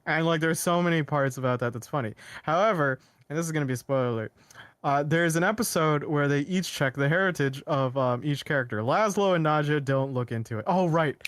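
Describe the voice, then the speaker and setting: A man co-hosting a casual podcast, excitedly retelling a show's plot with frequent laughs and rambling asides. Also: a little high, brisk, no echo. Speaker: podcast co-host. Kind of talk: casual chat.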